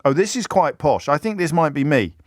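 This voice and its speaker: A man's voice: on the high side, big pitch swings, brisk, a little mellow, no echo, clean studio sound. Chatty middle-aged male radio host. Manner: musing, chatty, with frequent restarts and stammered repeats. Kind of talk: live talk-radio monologue. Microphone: studio microphone.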